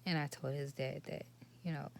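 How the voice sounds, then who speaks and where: A woman telling a personal story in a vlog, speaking softly and often slipping into near-whispers. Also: deep voice, steady tone, moderate pace, slight background noise. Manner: soft, subdued and often breathy, trailing into near-whispers. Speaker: vlogger.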